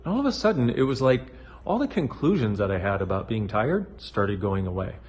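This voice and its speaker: A middle-aged man giving a casual motivational talk to camera, playful and animated, wandering off track and swearing now and then. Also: on the low side, a little fast. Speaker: self-help video host.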